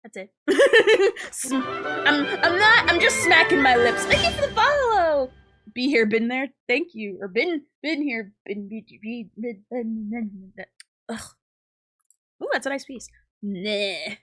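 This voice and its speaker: Young woman streamer, giggly and crude, rambles at chat, voice a bit on the high side. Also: lively intonation, takes it slowly, pushed and bright, slightly rough, soft background music. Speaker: livestreamer. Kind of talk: casual live-stream chat.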